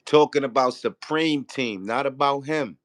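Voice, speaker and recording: A man's voice: medium pitch, measured pace, a bit bright, no echo. Guy rambling his theory in a casual debate, keeps asking you feel me, dry sound. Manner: rambling, repeats "you feel what I'm saying".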